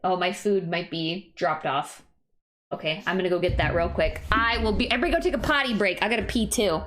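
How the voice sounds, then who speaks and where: A woman streamer chatting casually and reading card text aloud, excitable and quick to laugh. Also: on the low side. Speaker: streamer reviewing cards. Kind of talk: casual live-stream chat.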